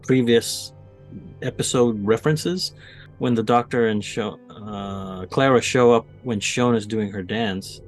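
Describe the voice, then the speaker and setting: Animated man retelling TV scenes. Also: on the low side, unhurried, soft background music. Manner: animated, acts out quoted lines while retelling scenes. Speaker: podcast co-host. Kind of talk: casual fan discussion.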